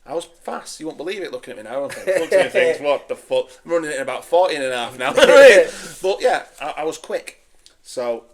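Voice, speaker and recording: A man's voice: fairly high pitch, a little fast. A man, telling a story in a casual, laughing, sweary way as a podcast guest. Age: 40s. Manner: animated, laughing, sweary banter.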